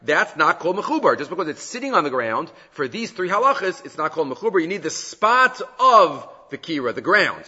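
Animated man teaching a Talmud class. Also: fairly high pitch, a little fast, few pauses, husky. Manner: animated, acts out quoted speakers, mixes Hebrew and Aramaic terms. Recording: muffled audio in a hall with long reverb.

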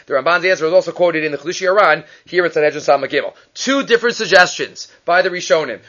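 A man teaching a Talmud study lesson, asking quick questions and mixing Hebrew and Aramaic terms into his English. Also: high-pitched. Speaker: Torah teacher. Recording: dull lo-fi recording.

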